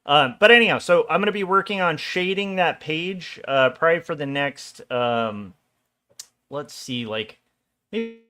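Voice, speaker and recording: A man's voice: a little high, lively intonation, unhurried, bright, forceful tone, clean tone. A man in his forties, an illustrator chatting casually on a livestream while he draws, loose and rambling with small jokes. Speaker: illustrator streaming his drawing work.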